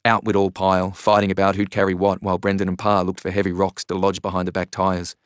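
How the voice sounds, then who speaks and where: A man's voice: low voice, completely flat delivery, fast talker, clean tone, dry recording, studio quality. A man narrating a novel in the first person, in an understated way. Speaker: audiobook narrator.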